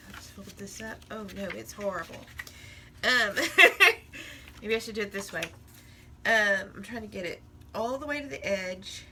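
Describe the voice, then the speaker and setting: A woman's voice: medium pitch, normal speed, noisy background. A woman in a casual crafting vlog, chatting and rambling while she works, often laughing at herself. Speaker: crafting vlogger.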